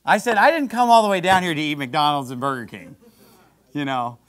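Animated preacher man telling a travel story. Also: a little high, a little fast. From United States. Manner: animated, quotes others in lively voices. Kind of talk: storytelling sermon.

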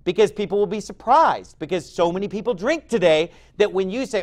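A pastor in his forties delivers a sermon in a notably high voice. His pitch leaps and falls across a wide range, and his talk stays conversational, breaking into loud, punchy emphasis. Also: lively intonation, brisk. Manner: emphatic, conversational preaching with sudden loud bursts.

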